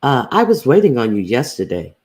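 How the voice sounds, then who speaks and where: A woman's voice: very deep voice, big pitch swings, a little fast, a little mellow. A woman hosting a casual livestream, greeting viewers by name and talking bluntly with plenty of profanity. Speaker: livestream host.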